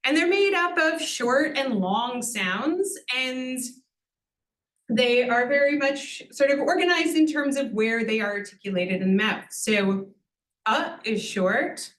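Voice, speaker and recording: Her voice sits high with a fairly bright tone, and she speaks a little slowly in a roomy-sounding space. As a Sanskrit teacher at a university event, she patiently walks the audience through an introductory lesson. She often asks "right?" with gentle humor.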